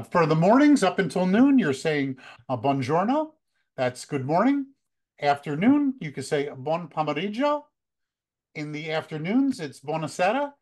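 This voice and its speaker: American man in his fifties giving tips. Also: a little high. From United States. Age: 50s. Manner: relaxed and conversational, with many uh fillers. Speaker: photography workshop leader. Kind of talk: casual talk, practical travel tips.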